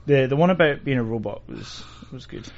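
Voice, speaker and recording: A man hosting a relaxed podcast chat, easygoing and often laughing. His voice sits at an ordinary middle pitch. The recording is muffled and lo-fi. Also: fairly quick, slight background noise. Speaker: podcast host. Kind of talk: casual chat. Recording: dull lo-fi sound.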